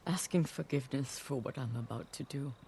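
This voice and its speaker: A woman voicing a solemn, vengeful noblewoman samurai in a video game, speaking in a measured way. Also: a bass voice, mellow, breathy edge, dry recording, exaggerated voice. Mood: grim. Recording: game audio under a live stream, noisy.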